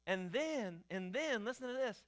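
A middle-aged male pastor teaching a class, halting and repeating himself, then building to loud, fervent emphasis. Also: very high-pitched, lively intonation.

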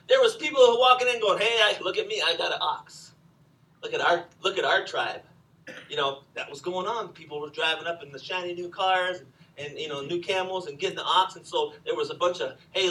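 A man preaching a sermon, telling the story with animated swings from loud to hushed. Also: high voice, far from the mic, rough recording. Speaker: pastor.

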